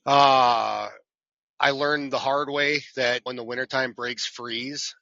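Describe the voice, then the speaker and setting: A truck driver appearing as a podcast guest speaks slowly in a creaky, medium-pitched voice, with no echo and the high frequencies cut off. In casual storytelling chat he tells self-deprecating tales, animatedly acting out the people in them and their quotes.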